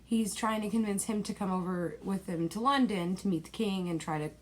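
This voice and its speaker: A young woman at home delivers an exasperated, rambling movie-review rant in a middle-pitched voice. She piles on fillers and dismissive asides as she talks. A faint hiss sits under the recording. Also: fairly quick.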